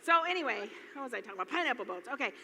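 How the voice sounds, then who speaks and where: A middle-aged woman from Michigan, USA, tells rambling, chatty stories from a stage at a business event, laughing often and circling back with "anyway." Her voice is high, sing-song, racing, pushed, and bright, and the large hall before the audience leaves echo and faint noise.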